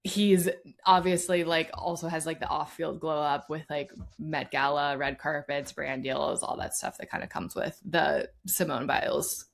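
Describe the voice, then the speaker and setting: Low-pitched lady chatting sports on a podcast, lots of likes and ums. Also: fairly even intonation, normal speed, gravelly, hardly any pauses. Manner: chatty, many "like" fillers. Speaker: podcast co-host. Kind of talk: casual sports chat.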